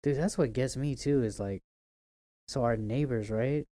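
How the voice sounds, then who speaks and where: A relaxed man from Florida trades stories on a home podcast, full of slang and swearing. His voice is very dark and mellow at a middle pitch. The recording is dry and close. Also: unhurried, dry recording. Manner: laid-back, slangy, swears a lot. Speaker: podcast co-host. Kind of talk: casual profane chat.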